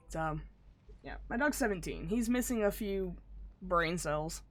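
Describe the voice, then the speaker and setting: A woman's voice: fairly low pitch, lively intonation, measured pace, faint music behind. A sick woman streaming a game, chatting and telling rambling stories. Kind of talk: casual gaming stream chat.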